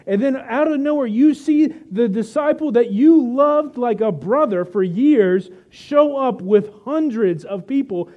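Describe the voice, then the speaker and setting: A man's voice: very high-pitched, lively intonation, lo-fi sound. A man preaching a sermon to his congregation, talking in a conversational, joking way and retelling scripture with vivid storytelling. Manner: vivid storytelling, dramatic pauses. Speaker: pastor.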